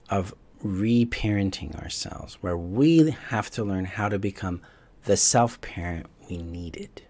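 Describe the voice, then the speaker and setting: A man with a lowish voice leads a live online teaching session as coach. He explains his ideas gently and reflectively and sometimes restarts a phrase as he finds his words.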